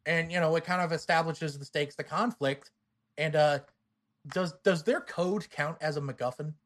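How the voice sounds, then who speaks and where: A man's voice: on the high side, normal speed, fairly bright tone. Joking man in casual podcast chat. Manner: joking, rambling asides. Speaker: podcast co-host. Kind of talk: casual movie discussion.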